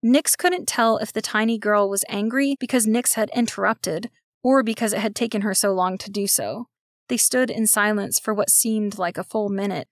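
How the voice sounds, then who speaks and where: A woman reading a children's story aloud, giving steady, expressive narration. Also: medium pitch, moderate pace, no echo, clean studio sound.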